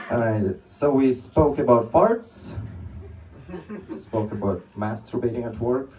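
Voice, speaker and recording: A man's voice: medium pitch, takes it slowly, long pauses, dark tone, distant mic, poor audio. A young man doing a stand-up comedy set on a club stage, telling rambling stories with many restarts.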